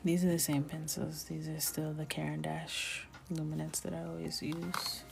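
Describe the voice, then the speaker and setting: A woman hosting a live coloring stream, talking casually and playfully while she colors, chatty and animated. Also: sits low, normal speed, vocal fry, over music.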